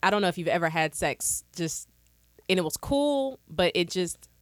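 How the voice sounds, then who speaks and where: A woman's voice: lowish voice, lively intonation, normal speed, dry recording. Woman guest on a podcast, hesitant and chatty, dry sound. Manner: hesitant, lots of um and laughs. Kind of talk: casual storytelling chat.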